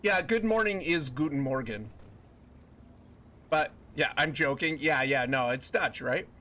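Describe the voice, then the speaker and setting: A man's voice: fairly high pitch, animated, measured pace, sharp tone, a little hiss or hum. A man streaming a video game live, joking with his chat and laughing often. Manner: jokey, laughs often, chats with viewers.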